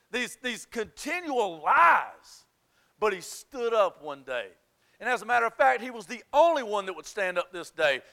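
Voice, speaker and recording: Man, sermon, very high voice, bright and forceful, impassioned emphatic preaching. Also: gravelly, smooth. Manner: impassioned, emphatic, folksy storytelling.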